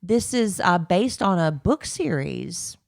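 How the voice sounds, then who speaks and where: Middle-aged woman host, chatty and insistent, lively pitch, dry close mic. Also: takes it slowly, gravelly, no room sound. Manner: animated storyteller, chatty and insistent. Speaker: podcast host. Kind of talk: casual chat.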